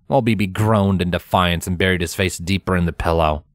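A man narrating a fanfiction story aloud in steady storytelling style, acting out the dialogue. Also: low voice, moderate pace, no room sound, clean studio sound. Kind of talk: fanfiction reading.

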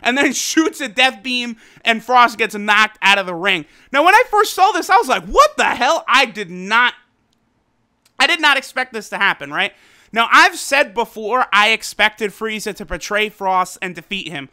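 A man casually reviewing an anime episode, recapping it in an excitable, profane way and often laughing. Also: sits high, moderate pace, clean tone.

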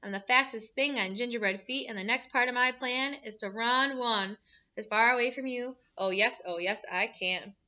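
A woman's voice: a little high, normal speed, sharp tone, highs cut off. A woman voicing a cheeky, boastful gingerbread cookie boy who chants taunting rhymes. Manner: taunting sing-song chant.

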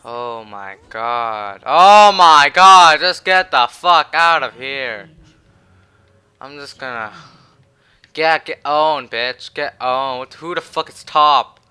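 A man commentating his own match, swearing and swinging from low muttering to shouted taunts. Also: takes it slowly, smooth. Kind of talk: raging gameplay commentary.

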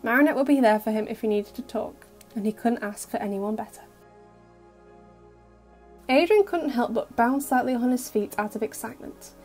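A woman narrating a fan audio story in a gentle, even storytelling voice. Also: fairly high pitch, normal speed, long pauses, faint music behind. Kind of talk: scripted narration.

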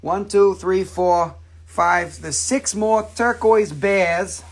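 A man's voice: high-pitched, slow pace. A man hosting a casual live sale, rambling and joking, swearing freely as he shows his pieces. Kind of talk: casual live sales stream.

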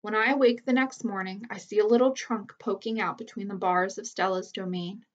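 A woman reading a children's novel aloud as a teacher, with steady, clear storytelling. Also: mid-range voice, a little fast, distant mic. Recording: slightly muffled lo-fi recording.

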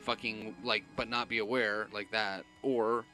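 A man's voice: on the low side, flat delivery, a little slow, pushed and bright. A man co-hosting a casual gaming stream, chatty and opinionated, swearing casually. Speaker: stream co-host.

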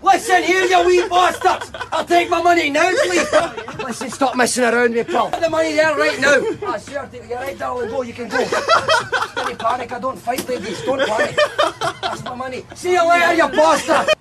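A man playing a loud, hot-headed Scottish man with a put-on Scottish accent, shouting and laughing through his lines. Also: very high-pitched, animated, normal speed, over a noisy crowd. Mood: demanding. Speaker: prankster. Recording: loud background noise.

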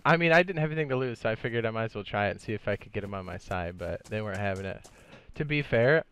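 A man giving live, excitable commentary while streaming a game, swearing and laughing often. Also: on the low side, racing.

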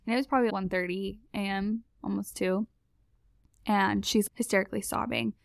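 Female guest storyteller, creaky vocal fry, chatty and animated, close dry sound. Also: medium pitch, moderate pace, no echo. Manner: animated, chatty, laughs often. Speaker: podcast guest. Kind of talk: casual storytelling.

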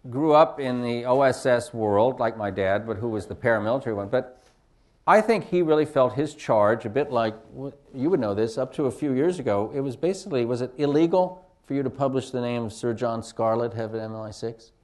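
A man's voice: mid-range voice, expressive, brisk, a little mellow. A film director on a panel, answering reflectively and searching for his words with many fillers. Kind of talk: panel discussion.

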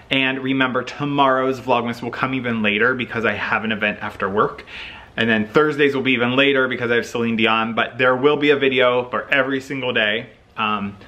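A man's voice: medium pitch, bright, forceful tone. A man hosting a casual holiday vlog, upbeat and chatty as he opens advent calendars. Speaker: vlogger.

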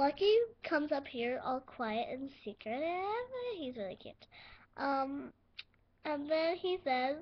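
A woman's voice: sits high, expressive, slow, noisy background. A woman narrating and hosting a playful toy role-play in a chatty, giggly way. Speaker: narrator and host of a toy show. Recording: muffled lo-fi home recording.

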